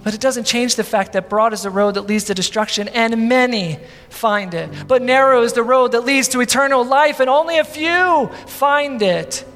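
Soft music plays beneath a sermon echoing through a long, reverberant church hall. The pastor, a man with a very high voice, speaks at a moderate pace, pressing his argument with rhetorical questions and acting out the scenes he describes.

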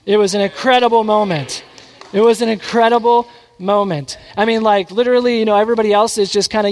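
Male pastor, high voice, animated storytelling sermon, echoing church hall. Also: normal speed. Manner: animated, acts out quotes. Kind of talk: sermon with personal stories. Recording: long hall reverb.

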